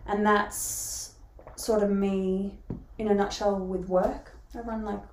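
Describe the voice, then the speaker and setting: A woman in her thirties with an Australian accent chats casually as a podcast co-host. She laughs easily, corrects herself as she goes, and her middle-pitched voice sits in a roomy, echoey space. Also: little pitch movement, takes it slowly, a little mellow, a little hiss or hum. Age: 30s. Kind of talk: casual chat. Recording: roomy echo.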